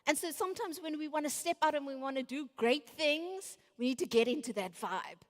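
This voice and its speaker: This conference speaker, a woman in her late thirties, gives a brisk motivational keynote in a slightly high voice. She animatedly tells stories and acts out her inner voices, while the big hall's long echo reverberates around her.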